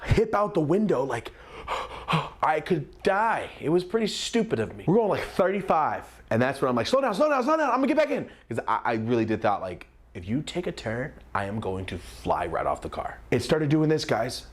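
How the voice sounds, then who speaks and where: A young man telling a comedic story time, animated and acting out the voices of the people in it. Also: medium pitch, normal speed. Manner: animated, acts out quoted voices.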